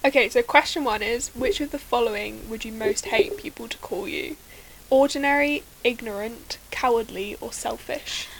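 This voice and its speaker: High, gravelly-voiced woman hosting a podcast. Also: normal speed, a little hiss or hum, low-quality recording. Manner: chatty, laughs often. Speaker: podcast host. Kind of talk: casual chat.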